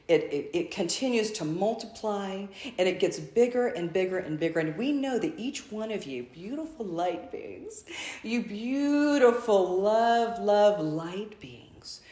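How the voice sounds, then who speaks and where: A woman's voice: medium pitch, a little mellow, echoey room. Effusive woman channeling a spiritual message. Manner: speaks as a collective "we", repetitive and effusive.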